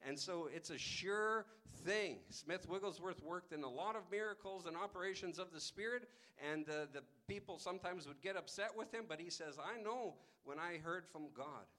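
A high, bright male voice preaching with energy. He presses each point and keeps calling out for an "Amen?" in a lively, forceful sermon. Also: normal speed, hardly any pauses. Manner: emphatic, calls out "Amen?" to the congregation. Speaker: pastor.

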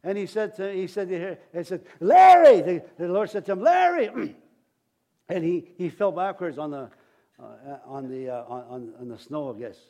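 A man's voice: on the high side, moderate pace, mellow. A man preaching a sermon as pastor, in a folksy, rambling way with many restarts.

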